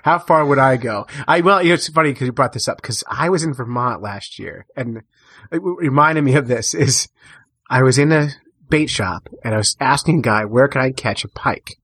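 A man co-hosting a casual chat, telling a story with animated mock outrage and frequent laughter. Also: mid-range voice, moderate pace, husky, no room sound.

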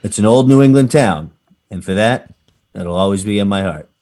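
Rambling low-voiced man from Massachusetts. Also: animated, normal speed, warm tone. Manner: loose and rambling, frequent fillers and restarts. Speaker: podcast host. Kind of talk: casual chat.

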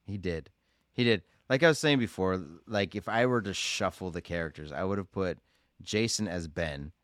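A laid-back man with a low voice, co-hosting a casual movie podcast. His humor is dry and teasing, and the recording is close and dry with no room sound. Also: moderate pace, a bit bright, no echo. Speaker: podcast co-host.

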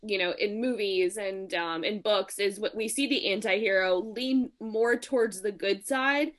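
A woman's voice: mid-range voice, a little slow, a bit bright. A woman in casual chat about a movie, thoughtful, with fillers like "um" and "you know". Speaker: movie podcast co-host.

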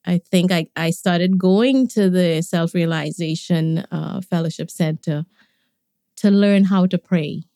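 A woman, a podcast guest, tells stories about her family in a relaxed way and laughs often. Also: fairly low pitch, unhurried, dry recording, clean studio sound. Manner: warm reminiscing, laughs often. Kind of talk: conversational storytelling.

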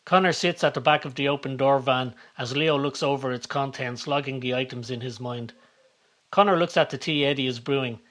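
A man reading a scripted comedic story, calm and measured in his narration. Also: mid-range voice. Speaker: narrator and author of the series.

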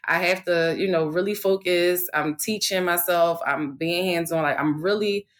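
A woman in her thirties talks in an unguarded, rambling way, swearing freely and circling back with fillers as she chats. Her voice sits a little low for a woman. The feel is easygoing, open podcast talk. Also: moderate pace. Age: 30s. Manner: candid, profane, rambling with many fillers. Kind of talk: casual chat.

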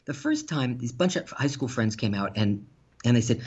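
A man telling stories in casual chat, animated and laughing, with some swearing. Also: mid-range voice, a little fast, breathy edge. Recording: dull lo-fi sound.

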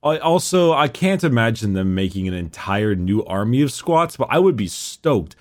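A man's voice: lowish voice, big pitch swings, moderate pace, a little mellow. A man co-hosting a casual chat, laid-back and wry, with frequent swearing.

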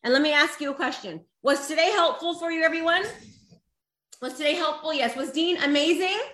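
A woman's voice: high-pitched, brisk, pushed and bright, echoey room. Emphatic woman rallying her audience. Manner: emphatic and exhorting. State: emotional, tearful. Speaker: motivational coach. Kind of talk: live online motivational talk.

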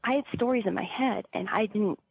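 A woman recounting a personal story in a loose, conversational way, with lots of "like" and "you know" and quoted voices acted out. Her voice is a little husky at a middle pitch. The recording is close and dry but dull. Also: fairly quick, dry recording. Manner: chatty, many fillers, acts out quoted voices. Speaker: storyteller guest.

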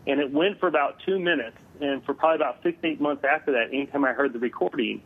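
A man, a guest on an interview, telling a story over the phone, halting with many filler sounds. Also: mid-range voice, breathy edge. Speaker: guest paranormal investigator. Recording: tinny phone line.

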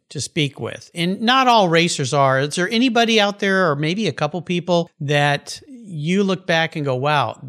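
A man's voice: a little high, a bit bright. A man hosting an interview, asking long, loosely built questions and giving short affirmations. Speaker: show host, interviewer.

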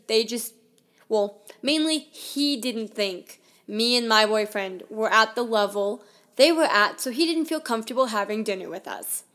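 A woman's voice: on the high side, fairly bright tone. A woman in her twenties telling a personal story as a podcast host, in a candid, conversational way full of "like" and "I mean.".

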